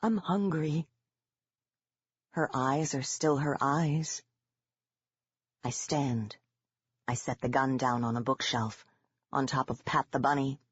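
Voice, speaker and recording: A woman narrates an audiobook in a grave, restrained manner, her voice very low and her delivery slow. The tone is husky and breathy, and the dull, lo-fi recording is dry and close. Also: fairly even intonation, dry recording. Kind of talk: first-person audiobook narration.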